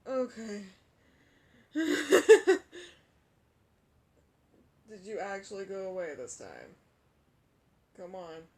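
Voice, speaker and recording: Her voice is mid-range, very animated and darkish. She's a young roleplay gamer providing commentary, constantly laughing and gasping with long sighs, short of breath, hiccuping, her chest hurting.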